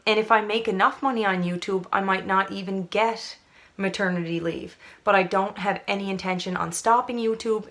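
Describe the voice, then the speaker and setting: A woman's voice: mid-range voice, a bit bright. A young woman from Canada, chatting to camera in a rambling, casual way full of fillers. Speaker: vlogger.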